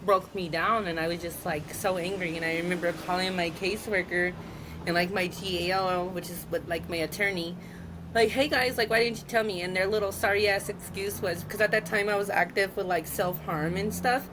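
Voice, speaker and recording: Telling her personal story candidly as a guest, this woman in her thirties has a lower voice, fairly even intonation and normal speed. She's open and frank, dropping many filler "likes," and there's background noise in the clip.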